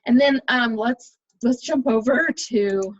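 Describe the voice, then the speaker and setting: A woman's voice: a little high, slow, no room sound, dull audio. A middle-aged American woman in a casual, nostalgic chat while touring old places on a map. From United States. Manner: chatty, nostalgic, talks over a map tour. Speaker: vlogger.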